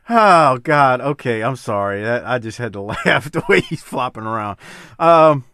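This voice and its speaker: A man hosts a loose chat over wrestling footage, his bright voice swinging wildly in pitch. He keeps breaking into laughter, swearing, then apologizing. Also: huge pitch swings, slow, no room sound, clean studio sound. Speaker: podcast host.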